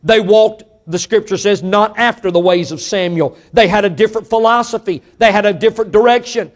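A man's voice: high voice, a little fast. A man preaching a sermon, emphatic and speaking straight to the congregation. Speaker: pastor.

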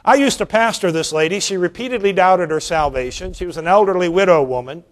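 High-voiced preacher. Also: male voice. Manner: folksy, animated, drawn-out emphasis. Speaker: evangelist preacher. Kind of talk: sermon with storytelling.

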